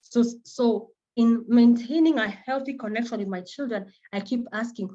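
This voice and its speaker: A Kenyan woman psychotherapist, a native Kimeru speaker, giving an animated and earnest talk built around personal stories. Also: a little high, normal speed, lo-fi sound. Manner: animated, acts out quoted voices, earnest.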